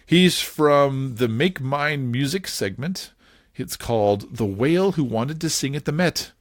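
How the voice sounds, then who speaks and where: A man hosting a casual podcast, talking in a playful, animated way and laughing often. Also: medium pitch, a little slow, no echo, clean studio sound. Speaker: podcast host.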